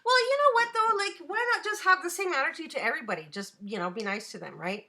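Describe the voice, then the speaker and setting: A woman, an adult student, ranting casually on a live stream, animated and swearing, breaking off to answer her chat. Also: sits high, fast.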